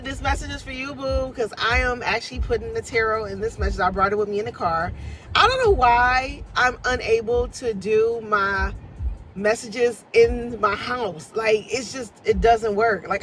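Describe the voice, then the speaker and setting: A woman's voice: a little high, fairly bright tone, rough recording. A woman, chatting casually and animatedly from her parked car as a tarot reader, laughing and swearing freely. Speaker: tarot reader and life coach. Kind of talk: casual chat to camera.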